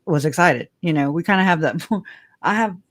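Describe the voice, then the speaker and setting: A woman hosting a casual livestream, chatty and giggly, whose voice leaps up high when she gets excited. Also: normal speed, dry recording. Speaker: livestream host.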